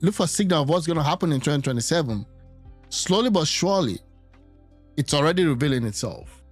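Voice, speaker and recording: A man's voice: a little high, expressive, brisk, soft background music. A man giving casual, musing political commentary, often repeating himself as he thinks aloud. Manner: musing, hesitant, repeats words.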